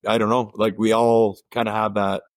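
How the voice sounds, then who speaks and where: A man with an Ottawa Valley country twang, chatting casually as a guest in an interview, relaxed and rambling with fillers and restarts. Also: lowish voice, moderate pace, no room sound, studio quality. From Ontario, Canada. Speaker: guest musician.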